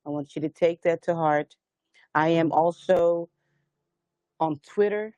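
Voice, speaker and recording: The host of a live sound healing stream, a woman with a low, mellow voice, talks at a measured pace in a recording with no room sound. She shares stories earnestly in this spiritual livestream, rambling with frequent restarts and urging her audience to stand strong.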